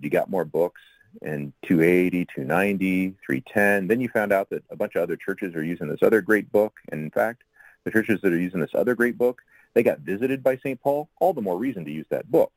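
Deep-voiced male guest, loose and chatty, circles back with asides. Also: sing-song, brisk, a little mellow, no echo, low-quality recording. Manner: rambling, with many fillers and asides. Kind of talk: casual explanatory talk.

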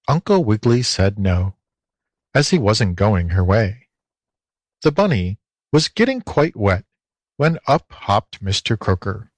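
Male storybook narrator: unhurried, melodic, dry close recording. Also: fairly low pitch, big pitch swings, no room sound. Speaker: volunteer audiobook reader.

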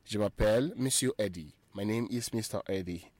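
A man's voice: lowish voice, a little fast, a little mellow, dry recording. A man hosting a radio French lesson, repeating phrases and spelling words out letter by letter for listeners. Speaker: radio French teacher and show host.

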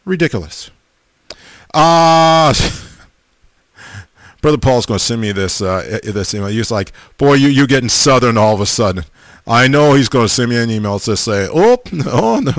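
A middle-aged man casually chatting as a host, reading viewer comments in a folksy, animated way, often repeating himself. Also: mid-range voice, normal speed, long pauses, no room sound. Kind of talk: casual chat.

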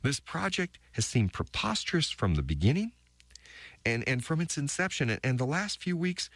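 A man's voice: mid-range voice, a bit bright, slightly rough, no room sound, heavily acted. A man voicing a weary, bitter ark builder's wife. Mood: frustrated. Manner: emotional, halting diary reading with stammered restarts. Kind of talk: dramatic reading of diary entries.

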